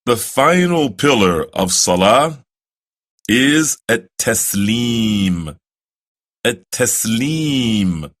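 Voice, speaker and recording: Slow deliberate low-voiced male teacher. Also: a bit bright. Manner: slow and deliberate, repeating phrases for the listener to copy; recites prayer phrases in drawn-out chant. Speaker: religious teacher for new converts. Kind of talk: slow instructional lesson on prayer.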